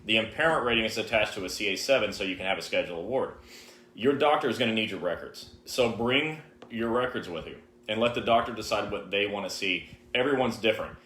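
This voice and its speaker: A man's voice: fairly low pitch, expressive, fast, sharp tone, a little hiss or hum. A man co-hosting a live-stream Q&A, giving direct, emphatic advice to viewers. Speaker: co-host answering viewer questions. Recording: roomy, echoey live stream.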